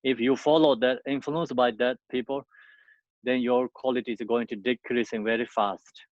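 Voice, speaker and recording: A man giving a Buddhist teaching in halting, non-native English, full of fillers and restarts. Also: mid-range voice, steady tone, dry recording. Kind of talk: dharma teaching. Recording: muffled dry lo-fi recording.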